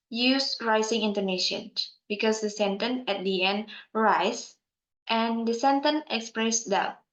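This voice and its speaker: A young woman giving a class presentation, speaking slowly and carefully with pauses and fillers. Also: on the high side. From Indonesia. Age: young adult. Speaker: student presenter. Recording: muffled sound in an echoey room.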